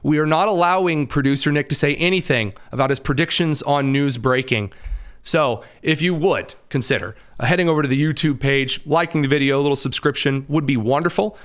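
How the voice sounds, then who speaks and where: A man from the American Midwest hosting a podcast, talking in a casual, animated commentary style with sarcastic asides and frequent fillers. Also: on the high side, brisk. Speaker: podcast host.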